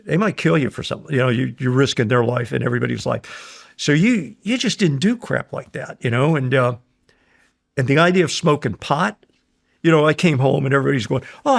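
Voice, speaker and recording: Older american guy with a gravelly voice, rambling through war stories, keeps chuckling and doing the other guys' voices. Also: a little high. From United States. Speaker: guest, war veteran. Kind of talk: casual storytelling.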